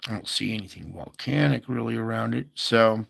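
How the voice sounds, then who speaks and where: A man's voice: fairly low pitch, fairly quick, vocal fry, a bit bright. A man hosting a casual earthquake update, thinking aloud over maps with many fillers and asides. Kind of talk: casual screen-share commentary.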